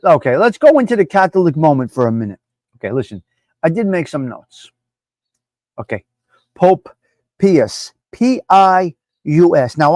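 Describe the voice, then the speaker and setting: A man's voice: a little high, a little mellow, no room sound. A man from New Jersey with a New Jersey accent, hosting a live stream and talking bluntly, repeating himself for emphasis. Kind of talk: casual opinionated live stream talk.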